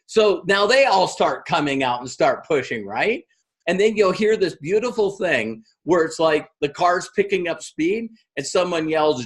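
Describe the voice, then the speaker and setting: A man giving a motivational business training talk, animated and acting out other people's lines as he tells stories. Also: a little high, unhurried.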